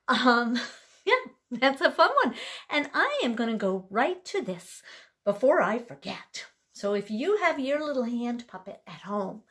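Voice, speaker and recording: A woman leading a library rhyme time for toddlers, talking gently and playfully to a baby doll. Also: fairly high pitch. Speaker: library storytime leader.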